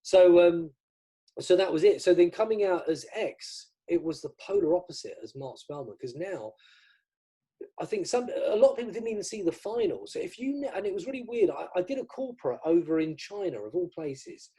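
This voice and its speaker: A man's voice: fairly high pitch, very animated, moderate pace, mellow, husky. A middle-aged man from the UK, a magician guest in an interview, chatting casually and acting out the dialogue in his stories. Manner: chatty, acts out quoted dialogue.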